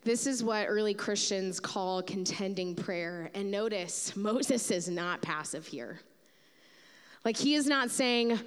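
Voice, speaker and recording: A woman pastor giving a sermon, telling a Bible story in an animated way and acting out its figures. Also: medium pitch, unhurried, clean tone, long reverb tail.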